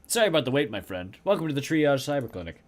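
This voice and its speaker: A man reads the part of a polished male elf doctor who greets a customer at his cyber clinic. He is smooth and welcoming, in a video game with the lines read near the reader's own voice. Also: mid-range voice, very animated, fast, natural voice. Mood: friendly.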